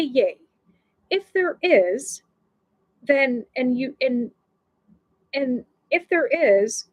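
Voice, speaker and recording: A woman with a high voice tells a personal story on her live show. She talks in an emotional, rambling way, often restarting her sentences and filling the gaps with "you know". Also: rough recording.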